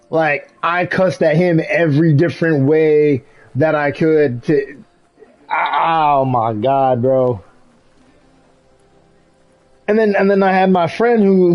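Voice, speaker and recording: A young man streaming a game, chatting casually and telling animated stories with frequent laughs and slang. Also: a little high, lo-fi sound. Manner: animated storytelling, laughs often, swears, says "bro". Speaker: gaming streamer. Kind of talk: casual live-stream chat while gaming.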